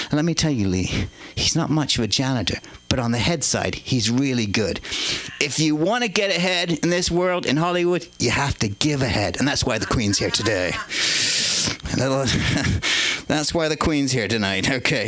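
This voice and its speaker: A man's voice: mid-range voice, big pitch swings, moderate pace, fairly bright tone. An English man performing a stand-up set on a comedy club stage, rambling and cheeky with playful asides. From England.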